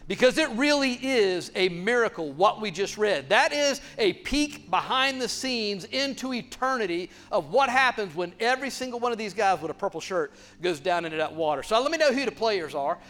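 Male pastor, high-pitched, playful and animated delivery. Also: normal speed, few pauses. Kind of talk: sermon.

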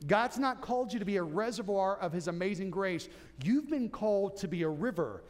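A man's voice: high voice, expressive, brisk. A man preaching a sermon as pastor, emphatic, repeating key points and restarting phrases.

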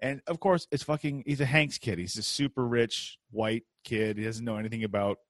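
A man's voice: mid-range voice, moderate pace, dry recording. A man hosting a podcast, chatting casually and riffing on jokes and stories. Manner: joking, riffing, animated storytelling. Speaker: podcast host. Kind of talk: casual chat.

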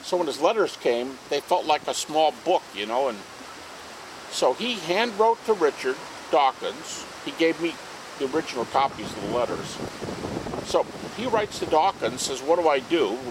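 A man speaking as a guest at an outdoor garden party, telling anecdotes in an animated way. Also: on the high side, moderate pace, noisy background. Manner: animated, acts out quoted speech. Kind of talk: anecdotal storytelling to a small group.

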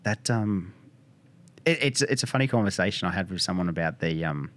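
A man hosting a casual podcast talks fast with a lively, swinging pitch. He keeps agreeing with his guest and jumping in with quick remarks and plenty of "you know". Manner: agreeable, quick back-and-forth, lots of yeah and you know. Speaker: podcast host. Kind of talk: casual chat.

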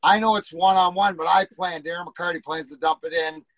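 A man's voice: high voice, fairly even intonation, brisk, fairly bright tone, dry recording, rough recording. Profane rambling middle-aged man. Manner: profane, rambling anecdotes with acted quotes. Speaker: former hockey player, guest. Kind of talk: casual storytelling.

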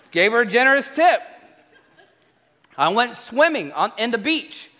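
Bright, high-voiced pastor. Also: male voice, unhurried, long pauses. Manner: animated storyteller, acts out exchanges. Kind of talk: sermon with humorous travel stories. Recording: echoey hall reverb.

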